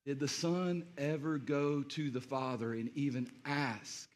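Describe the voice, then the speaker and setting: A man's voice: medium pitch, steady tone, measured pace. A male pastor preaching a sermon, addressing the congregation directly and acting out scenes.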